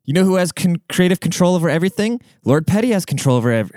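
A man's voice: high voice, sing-song, quick pace, darkish tone, no room sound, clean studio sound. A young man hosting a solo podcast, ranting in a brash, profane, swaggering way. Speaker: podcast host.

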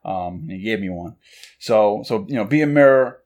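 A man co-hosting a relaxed chat, talking loosely with many fillers and acting out quoted lines. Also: on the low side, moderate pace, highs cut off. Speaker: podcast co-host. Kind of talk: casual chat about books.

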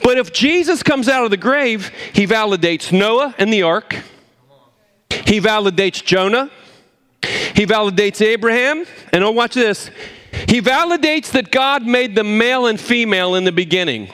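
A man preaching a sermon, animated, swinging between emphatic points and low, quiet asides. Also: moderate pace, smooth. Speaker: pastor.

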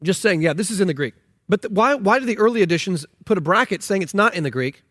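High-pitched guy preaching, emphatic and kinda incredulous, restarts a lot. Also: lively intonation, quick pace, a bit bright, no echo, studio quality. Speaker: pastor. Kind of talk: sermon on scripture.

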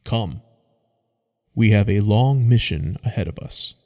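A man voicing a stern but compassionate furred male tribal chief who speaks in a measured, commanding way. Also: fairly low pitch, a little mellow, long reverb tail.

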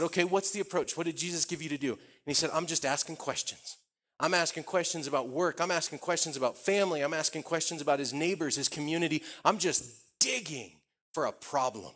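A missionary man telling a story from a church stage, acting out the other people's lines as he goes. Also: fairly high pitch. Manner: animated storyteller acting out dialogue. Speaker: visiting missionary speaker. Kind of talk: sermon storytelling.

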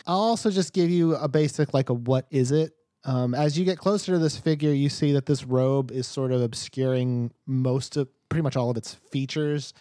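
A man's voice: mid-range voice, moderate pace, hardly any pauses, warm tone, no echo. Man narrating as game master, dry mic. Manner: loose, filler-heavy narration with restarts.

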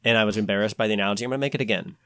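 A man hosting a podcast, talking in a rambling, animated way with many restarts. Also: lowish voice, racing, clean tone, no room sound, studio quality. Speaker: podcast host. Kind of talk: casual podcast chat.

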